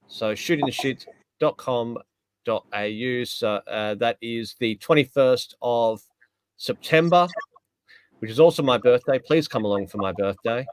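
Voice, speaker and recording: A man's voice: mid-range voice, a little slow, clear, resonant tone, no room sound. A man co-hosting a casual chat, plugging events in an easygoing way. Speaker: podcast co-host.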